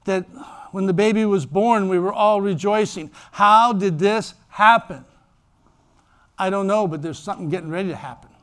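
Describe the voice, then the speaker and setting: A man's voice: sits high, quick pace. A man preaching a sermon in church as pastor, telling stories animatedly and acting out voices. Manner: animated storytelling, acts out voices.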